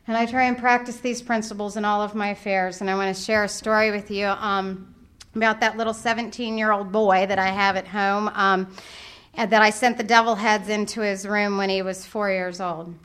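A middle-aged woman speaking at a recovery workshop, telling a story with humour and acting out her own thoughts. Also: a little high. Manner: animated, humorous, acts out her own thoughts.

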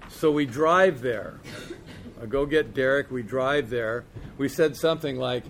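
A man's voice: medium pitch, measured pace, creaky, fairly bright tone, slight background noise. A man candidly telling a recovery story in a casual, profane way, peppered with "man" and "you know". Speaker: speaker sharing his recovery story.

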